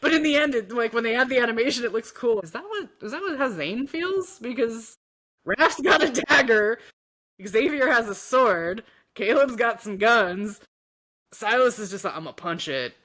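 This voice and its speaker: Giggly, rambling woman co-host with a lively, swooping voice. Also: a little high, moderate pace. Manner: laughing, animated, rambling storytelling. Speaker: podcast co-host. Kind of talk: casual chat.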